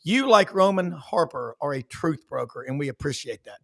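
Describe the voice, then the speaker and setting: A man's voice: a little high, lively intonation, moderate pace, creaky, fairly bright tone. A man who hosts a casual sports talk show, telling folksy stories and heaping praise on his guests. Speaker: show host.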